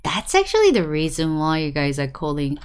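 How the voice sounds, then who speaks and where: A woman's voice: low voice, brisk, smooth. A young woman teaching an online language lesson, drilling words by repetition and checking in with "right?" as she explains. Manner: animated, drills words by repeating them, asks "right?" often.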